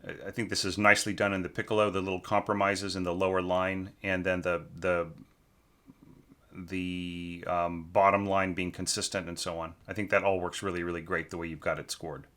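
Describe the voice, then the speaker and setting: A man's voice: low-pitched, level tone, moderate pace, sharp tone. A man teaching orchestration, thinking aloud as he critiques a student's score, checking in with "right?" and singing phrases in nonsense syllables.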